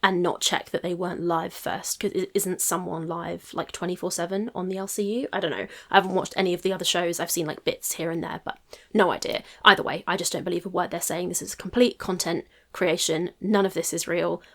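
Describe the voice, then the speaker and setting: A woman's voice: fairly low pitch, fairly even intonation, fairly quick. A woman hosting a reaction channel, giving skeptical casual commentary and thinking aloud with hedges.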